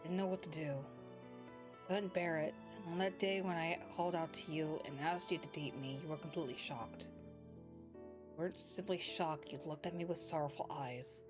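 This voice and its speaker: A woman reading game dialogue aloud as an earnest young man confessing his feelings, in a soft, subdued voice. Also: low voice, fairly even intonation, moderate pace, music in the background, natural voice. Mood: tender.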